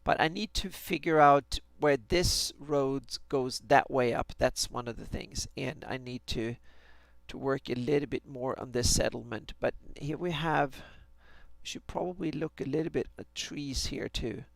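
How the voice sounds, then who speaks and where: A man's voice: mid-range voice, a little slow, creaky, dry recording. A man thinking aloud on a live stream as he draws a fantasy map, hesitant, with many restarts. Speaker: fantasy map maker streaming his work.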